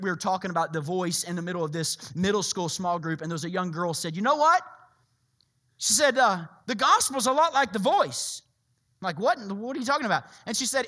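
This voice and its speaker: A man preaching a sermon as a pastor, impassioned, swinging from loud bursts to hushed lines. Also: sits high.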